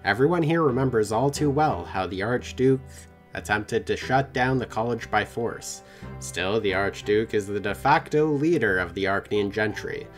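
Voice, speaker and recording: A man with a lowish, expressive voice hosts a play-through of a text game, reading the story aloud and cracking jokes between passages, with faint music in the background. He's playful and quick to laugh, mixing narration with casual banter.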